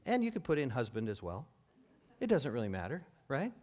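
A man preaching a sermon in a lively, conversational way, asking his listeners questions and acting out what people say. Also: medium pitch, brisk. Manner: lively, conversational, acts out quoted speech; asks the audience questions. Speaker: pastor.

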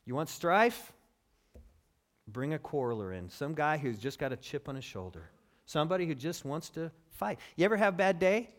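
A man delivering a sermon like a conversation, often asking his listeners questions. His pitch runs a little high for a man and moves up and down a lot. He acts out the things people say. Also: moderate pace. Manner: lively, conversational, acts out quoted speech; asks the audience questions. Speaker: pastor.

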